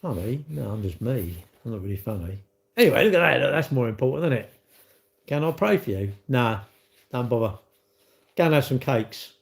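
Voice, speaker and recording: A man's voice: mid-range voice, animated, normal speed, creaky. A man doing a chatty live-stream host, rambling from one thought to the next in a blunt, offhand way. He laughs easily and talks to his viewers as if they were in the room. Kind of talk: casual live-stream chat, reading viewer comments.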